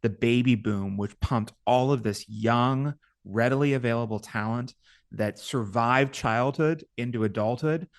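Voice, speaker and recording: A man, a guest author, explaining his ideas in a measured way during an interview, with some fillers. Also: mid-range voice, no room sound, clean studio sound. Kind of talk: interview talk.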